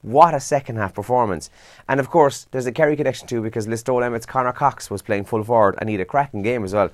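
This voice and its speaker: A man's voice: medium pitch, quick pace, no room sound. A young Irish man hosting a breakfast radio show, reading the morning papers and chatting casually, tired and yawning. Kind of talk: casual newspaper and trends roundup.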